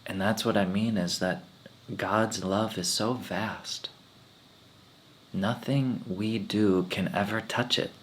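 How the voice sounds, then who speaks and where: A man giving a spiritual talk as a swami, telling personal stories in a relaxed way with frequent laughter. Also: on the low side, takes it slowly, a little hiss or hum.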